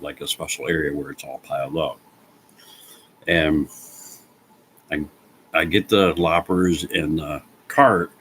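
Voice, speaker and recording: A man's voice: low-pitched, pushed and bright, a little hiss or hum, poor audio. A man chatting casually with live viewers, telling a rambling story, chuckling often and swearing freely at home.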